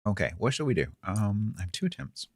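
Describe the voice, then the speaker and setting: A game streamer talks with a deep, slightly husky voice, relaxed and rambling as he chats to his viewers. The sound is close and dry, with almost no room around it. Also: a little fast, no room sound. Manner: relaxed, rambling, chuckling asides to chat. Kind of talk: casual live-stream chat while gaming.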